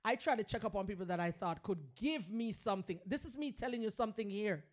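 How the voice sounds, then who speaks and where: A woman's voice: medium pitch, expressive, fast. Earnest woman hosting a motivational podcast. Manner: earnest, emphatic, preachy encouragement. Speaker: podcast host. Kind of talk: heartfelt motivational podcast talk.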